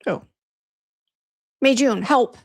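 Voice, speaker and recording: A woman with a slightly high voice speaks very slowly as she hosts a livestream for her beauty brand. Reading viewer comments, she vents about a bad hair appointment and greets people by name, often restarting and filling gaps with fillers.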